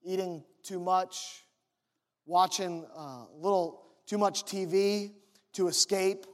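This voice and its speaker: High-voiced pastor preaching in a hall. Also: male voice, takes it slowly. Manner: animated storytelling, conversational. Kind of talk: sermon.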